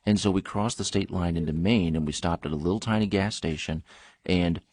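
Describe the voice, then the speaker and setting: A man in his thirties hosting a casual podcast chat, an animated storyteller who laughs often and acts out the people in his stories. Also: low voice, brisk, husky, no echo. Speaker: podcast host. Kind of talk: casual conversation.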